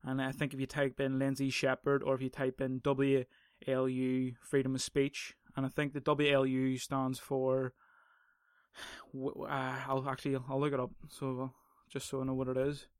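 A man's voice: mid-range voice, monotone, moderate pace, darkish tone, smooth, no room sound, clean studio sound. A young man hosting a casual solo podcast, swearing, rambling and sarcastic. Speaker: podcast host.

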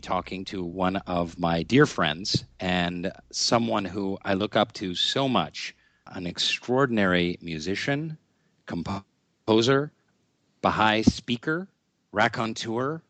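Deep-voiced playful male interview host. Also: slow, no echo. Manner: playful, jokey, animated. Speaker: podcast host. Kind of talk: casual video-call interview. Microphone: video call.

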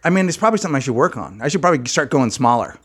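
A man co-hosting a casual comedy chat, excitable and laughing often. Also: mid-range voice, racing, noisy background. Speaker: podcast co-host.

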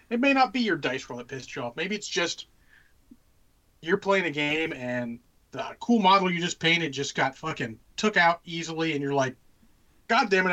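A man's voice: on the high side, sharp tone. Laid-back swearing man on a podcast. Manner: laid-back, swears freely, gives advice. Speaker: podcast co-host. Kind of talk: casual chat.

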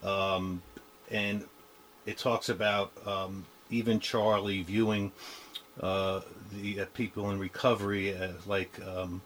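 A man hosts an interview, his lowish voice halting and filled with ums and uhs. A faint hum of background noise sits under him. He builds his questions slowly. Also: little pitch movement, fairly bright tone, poor audio. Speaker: interviewer, host.

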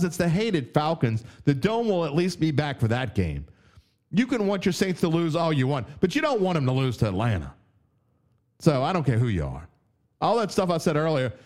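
A man's voice: fairly high pitch, darkish tone. A middle-aged man with a New Orleans Yat accent hosting a sports podcast, rambling and wry as he talks straight to his listeners. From New Orleans area. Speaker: podcast host. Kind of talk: casual sports podcast monologue.

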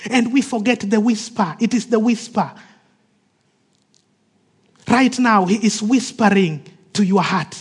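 A man preaching a sermon with emphatic delivery that drops to soft, hushed phrases, acting out the voices of the people in his stories. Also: sits high, measured pace, long pauses, slightly rough. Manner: acts out quoted speech of the people in his stories.

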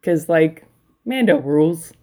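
Low-voiced young woman hosting a casual chat. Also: expressive, a little mellow. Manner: laughs often, quick asides, acts out quotes. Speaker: podcast host.

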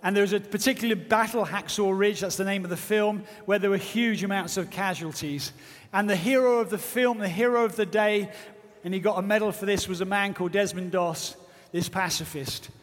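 A man's voice: sits high, fairly even intonation, a little fast, few pauses. A man preaching a sermon with fervent, earnest exhortation. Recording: long hall reverb.

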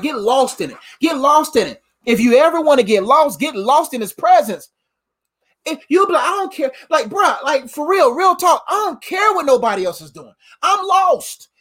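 A tired preacher delivering an informal sermon in an animated, slang-filled way, often laughing. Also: medium pitch.

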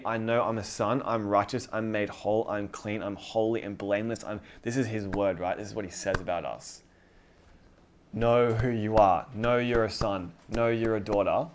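A man's voice: fairly low pitch, slight background noise. A man preaching a sermon in a casual, conversational way, often acting out dialogue. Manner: conversational, animated, acts out dialogue.

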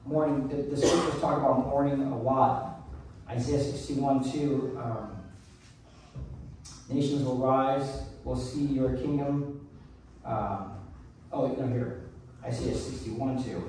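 A man's voice: medium pitch, slow pace, long pauses, a little mellow, slight background noise. A male pastor giving a conversational, earnest sermon with frequent restarts. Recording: echoey room, mic at a distance.

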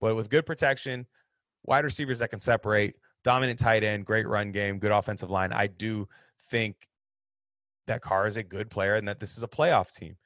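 A man with a fairly low voice talks football in a loose, opinionated ramble, often restarting his sentences as he works through a point. He sounds like a sports podcast host chatting to his listeners. The recording is close and dry, with no room echo. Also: steady tone, normal speed, a bit bright. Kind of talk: casual sports commentary.

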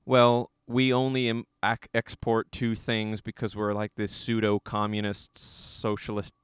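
A man's voice: lowish voice, monotone, measured pace, clear, resonant tone, no echo, studio quality. A young American man chatting casually, rambling through a travel story with lots of fillers. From United States. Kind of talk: casual conversation.

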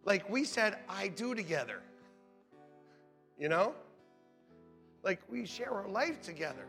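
A man pastor preaching a sermon in an animated, joking way, laughing often as he speaks to the congregation. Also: high-pitched, unhurried, creaky, long pauses. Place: church sanctuary. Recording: long hall reverb with faint music.

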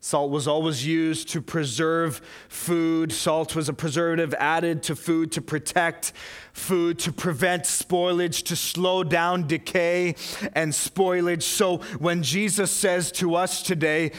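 A man's voice: a little high, fairly even intonation, takes it slowly. A male pastor preaching a sermon, earnest and emphatic, building his points through repeated questions.

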